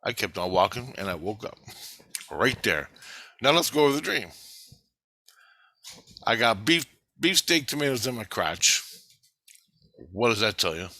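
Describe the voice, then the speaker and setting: A video creator recounts a dream in a rambling, casual monologue, swearing a lot and acting out the dialogue. His voice is fairly low and sing-song, bright and forceful, with a measured pace and long pauses. There's no room sound.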